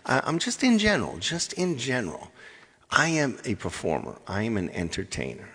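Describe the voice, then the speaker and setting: Husky-voiced man chatting to viewers. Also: mid-range voice, wildly swooping pitch, normal speed, a bit bright, big-room sound. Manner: rambling, repeats himself, addresses folks directly. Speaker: live-stream music show host and singer. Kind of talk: casual chat to viewers.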